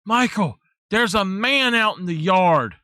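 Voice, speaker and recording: A man's voice: lively intonation, a little slow, pushed and bright, no room sound, studio quality, heavily acted. A man putting on the voice of a panicked woman who keeps repeating that a stranger is in the yard. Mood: frantic. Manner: shrill, frantic, repeating herself.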